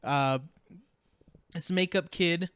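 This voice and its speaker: Man co-host, fairly high smooth voice, rambling recap with jokey mock quotes. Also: slow pace, fairly bright tone, no room sound. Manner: rambling, laughs often, mocking quotes. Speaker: podcast co-host. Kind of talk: casual movie recap chat.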